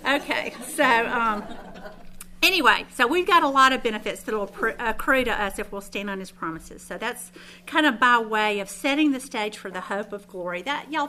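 A woman's voice: a little high, pushed and bright, slight background noise. A woman, telling stories in a chatty, self-deprecating way while teaching a group. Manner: chatty, self-deprecating storytelling with frequent restarts. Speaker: Bible teacher. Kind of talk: informal sermon to a group.

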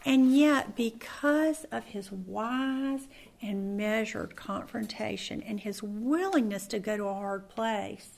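A woman's voice: medium pitch, slow pace, gravelly, a little mellow. A middle-aged woman leads a Bible study in a chatty, conversational way, telling stories with lots of fillers and restarts.

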